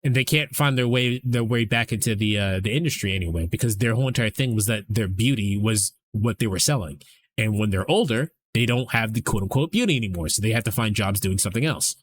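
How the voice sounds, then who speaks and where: A man's voice: lowish voice, quick pace. Casual, profane man chatting on stream. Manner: rambling, profane, conversational. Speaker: streamer host.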